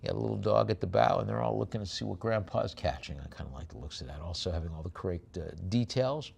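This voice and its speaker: A man's voice: lowish voice, quick pace, creaky, a little mellow, a little hiss or hum. A man working as an auctioneer at a live sale, describing each lot with chatty, rambling asides and then rattling off bid calls.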